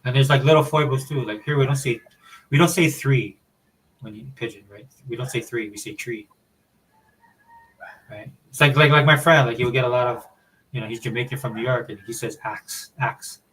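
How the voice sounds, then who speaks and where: A man from Hawaii with a Hawaiian accent, chatting casually as a podcast co-host in a relaxed, rambling way. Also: mid-range voice, fast, low-quality recording. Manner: laid-back, rambling explanations. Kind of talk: casual chat.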